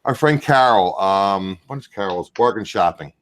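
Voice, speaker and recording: Low-voiced chatty man hosting. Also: lively intonation, moderate pace, fairly bright tone. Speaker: livestream host. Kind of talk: casual chat on a livestream.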